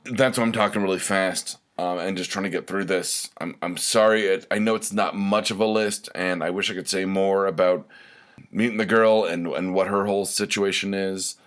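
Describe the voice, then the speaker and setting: A young man with a deep, low voice hosts a solo podcast in a loose, casual monologue. He rambles, restarts sentences and pokes fun at himself, with plenty of fillers along the way. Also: steady tone, moderate pace. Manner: rambling and self-deprecating, many fillers and restarts. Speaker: podcast host.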